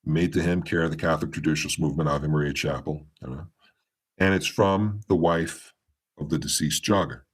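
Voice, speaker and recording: A man with a strikingly low, deep voice tells a long story as a podcast guest. He rambles and restarts his sentences, and his voice jumps up and down as he acts out what people said. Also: fairly quick, slightly rough. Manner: meandering retelling with many restarts, acting out quoted dialogue. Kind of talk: storytelling in a casual interview.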